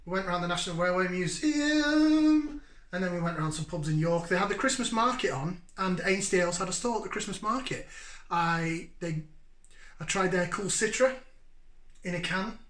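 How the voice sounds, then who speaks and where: A high-pitched man, originally from Yorkshire, talks his viewers through a beer review in a chatty, joking, upbeat way. His voice bounces around a roomy, echoing space. He sounds like a man in his forties hosting his own casual channel. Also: normal speed, sharp tone. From Yorkshire, England.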